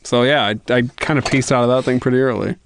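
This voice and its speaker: Brief: young adult man, podcast guest, animated storyteller with casual swearing, mid-pitched, close dry mic. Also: fast, vocal fry, clear, resonant tone, dry recording.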